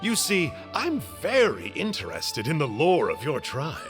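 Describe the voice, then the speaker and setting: An actor playing a cheerful, chatty member of a sinister order in a game, playfully polite. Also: male voice, on the high side, huge pitch swings, measured pace, music in the background.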